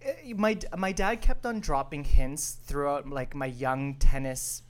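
A man in his late thirties from Canada, co-hosting a casual podcast chat, animated and quick to laugh. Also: mid-range voice. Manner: animated, laughs often, mimics others playfully. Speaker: podcast co-host.

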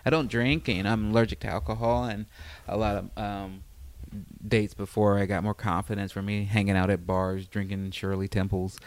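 A comedian from Chicago chatting as a podcast guest, telling self-mocking stories in an easygoing way. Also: male voice, lowish voice, flat delivery, normal speed. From Southside Chicago, US. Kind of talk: casual podcast chat.

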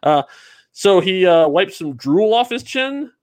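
Animated high-voiced man, dry sound. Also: measured pace, dry recording. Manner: animated, acts out characters' expressions with mock voices. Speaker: podcast co-host. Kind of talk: casual chat reviewing a film.

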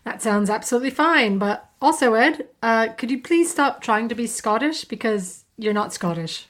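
A woman's voice: a little high, expressive, moderate pace, a bit bright. A woman co-hosting a scripted book podcast, teasing her partner in a dry way. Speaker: podcast co-host.

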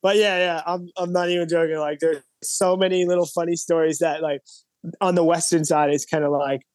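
A man's voice: a little high, level tone, brisk, a little mellow, no room sound. A man, a guest musician, chatting casually on a podcast, rambling and full of "like" and "you know". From Canada.

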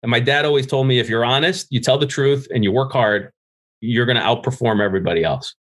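A man's voice: medium pitch, fast, fairly bright tone. Candid, swearing middle-aged man. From New Jersey. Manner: candid, profane, laughs at his own stories. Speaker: podcast guest. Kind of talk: casual interview storytelling.

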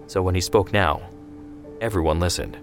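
A man reading a scripted historical story in a measured, steady way. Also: deep voice, faint music behind. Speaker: narrator. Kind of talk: scripted narration.

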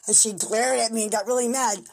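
A woman's voice: a little high, fairly quick, gravelly. A woman telling her own story in casual speech, blunt and profane, acting out what people said. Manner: animated, blunt and profane, acts out quoted dialogue. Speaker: interviewee recounting events.

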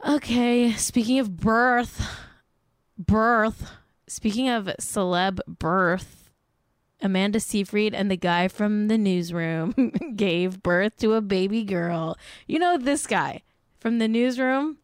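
A woman's voice: medium pitch, slow, clean tone, no room sound. Young woman host, gossipy + self-mocking, lots of "like", dry close mic. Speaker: podcast host. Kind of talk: casual celebrity gossip chat.

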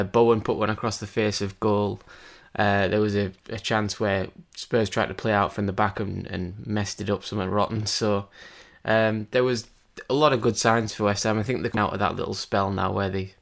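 Chatty low-voiced pundit. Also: male voice, flat delivery, normal speed, vocal fry, hardly any pauses. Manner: chatty, rambling, many fillers and restarts. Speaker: podcast co-host. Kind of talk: casual football chat.

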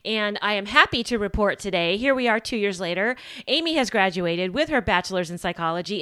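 A woman's voice: mid-range voice, bright, forceful tone, clean tone. A woman hosting her own podcast, talking alone in an enthusiastic, gushing way with fillers and restarts. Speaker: podcast host. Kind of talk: solo podcast monologue. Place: home.

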